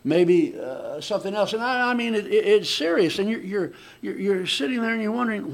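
A man preaches a sermon in a high voice. He talks in a loose, conversational way, often stumbling and restarting. His delivery swings from loud emphatic lines to quiet asides. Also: animated, a little fast, few pauses.

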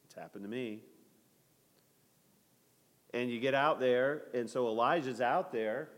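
A man's voice: mid-range voice, unhurried. Bible study leader, male, conversational, asks the room questions, echoey hall.

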